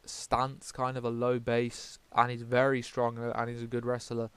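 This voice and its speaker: Smooth-voiced man, casual rambling. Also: medium pitch, completely flat delivery, moderate pace, a bit bright, dry recording. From United Kingdom. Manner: rambling, swears often, self-correcting. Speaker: MMA vlogger. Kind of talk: casual fight predictions.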